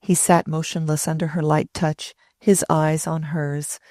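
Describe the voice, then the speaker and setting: Woman narrator, deep-ish voice, dry booth sound, measured classic-novel reading. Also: flat delivery, dark tone, no echo. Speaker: audiobook narrator.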